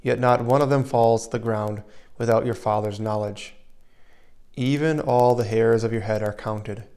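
A man preaching a sermon in an earnest way, dropping to a soft hush when he voices comforting words and rising again for emphasis. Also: medium pitch, steady tone, moderate pace. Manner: earnest, shifts between loud emphasis and soft hushed asides.

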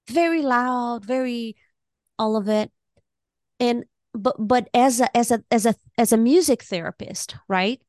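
A woman podcast co-host and music therapist, talking in an expressive, heartfelt way and often repeating words as she starts a thought. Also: on the high side, measured pace, no echo. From Latino community. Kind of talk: casual conversation.

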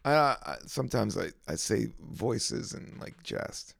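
A relaxed man with a gravelly, heavily creaky voice drifts from thought to thought in a loose podcast monologue. He leans on fillers and restarts. The sound is close and dry, with no room around it. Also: lowish voice, a little slow, dry recording. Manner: relaxed, meandering, lots of fillers. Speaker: podcast host and stand-up comedian. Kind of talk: casual rambling monologue.

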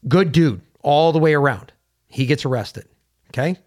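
A man's voice: on the high side, animated, moderate pace, darkish tone. A man co-hosting a casual opinion podcast, talking bluntly and emphatically and swearing freely. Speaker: podcast co-host.

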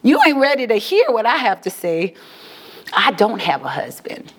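A woman preacher voicing a sassy, defiant woman at the well in a deep put-on voice. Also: sing-song, moderate pace, breathy edge. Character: sassy Auntie Sam, a brash woman at the well.

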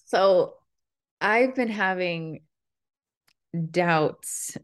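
Woman, yoga teacher and podcaster, casual chat, earnest and rambling, a bit low-pitched. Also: drawn-out words, clear, resonant tone. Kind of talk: casual conversation.

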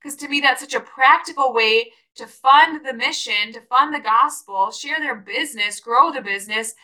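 A young woman hosts her own podcast and gives an encouraging, faith-based pep talk. Her voice sits a little high with a bright, forceful edge. She speaks with eager enthusiasm that keeps swelling into exclamations. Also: moderate pace, poor audio. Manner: enthusiastic, preachy, rising to exclamations. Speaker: podcast host.

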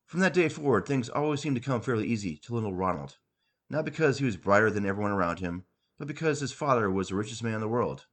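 A man hosting a podcast, reading his own comic story aloud with wry, deadpan narration. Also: on the low side, fast. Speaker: podcast host and author.

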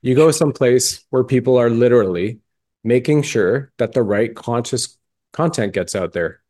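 A man's voice: medium pitch, expressive, normal speed, mellow. A male podcast host interviewing a guest in a fervent, emphatic, folksy way. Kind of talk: interview conversation.

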